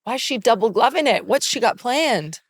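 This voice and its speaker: A woman hosting a comedy podcast, teasing her guests with quick reactions. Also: on the high side, expressive, no echo, studio quality. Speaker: podcast host.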